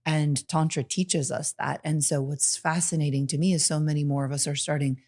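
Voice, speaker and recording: A woman's voice: sits low, little pitch movement, brisk, a little mellow. A woman hosting a podcast conversation, earnest and giggly with lots of fillers.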